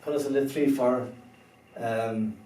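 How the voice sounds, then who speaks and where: A man teaching a beginner language lesson, slow and careful, spelling out words letter by letter. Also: medium pitch, steady tone, dark tone, a little hiss or hum. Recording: roomy echo, somewhat far from the mic.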